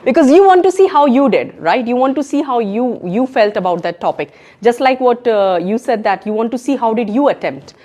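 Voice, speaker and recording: A woman with a Pakistani accent giving an emphatic, animated talk on public speaking at a club meeting. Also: a little high, a little fast. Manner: emphatic and animated, mixing in Urdu phrases. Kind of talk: education session talk. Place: meeting room in a co-working space.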